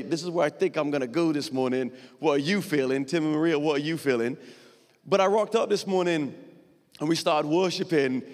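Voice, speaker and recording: Male pastor, earnest conversational sermon, slightly higher voice, long hall reverb. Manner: earnest, conversational, emotional preaching. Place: church hall.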